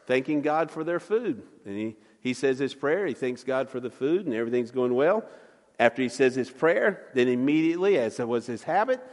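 Folksy preacher in a reverberant church. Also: male voice, fairly high pitch. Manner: folksy preaching, acts out voices in stories. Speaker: pastor. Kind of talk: sermon. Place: church sanctuary.

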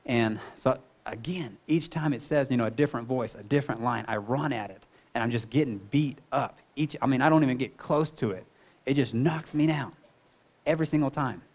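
A man's voice: medium pitch, brisk, a little mellow. A man in his thirties sharing a personal testimony, earnest and conversational, leaning on "you know" as he talks.

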